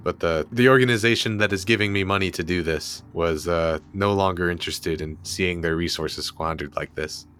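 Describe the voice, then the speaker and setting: A man voicing a guarded male corporate fixer who is hiring the team, calm and evasive. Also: sits low, normal speed, few pauses, slight background noise. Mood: businesslike.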